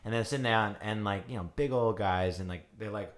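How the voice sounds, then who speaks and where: A man's voice: on the low side, fairly quick. A man co-hosting a casual chat, telling stories animatedly and laughing often. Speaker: podcast co-host.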